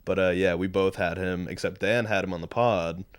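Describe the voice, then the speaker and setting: A young adult man hosting a podcast in casual chat, relaxed, laughing easily and chiming in with short remarks. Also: deep voice, normal speed.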